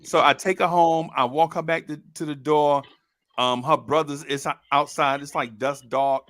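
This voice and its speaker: A man telling a funny story from his own life in a casual, animated way, laughing often and calling the listener bro. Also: fairly high pitch, normal speed, dry recording, clean studio sound. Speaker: storyteller host.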